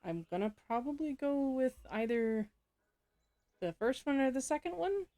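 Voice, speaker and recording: A woman's voice: high-pitched, expressive, moderate pace, dark tone. A woman playing a story game, reading its text aloud and adding casual comments, often laughing and correcting herself. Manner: frequent laughs and self-corrections while reading. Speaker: game player.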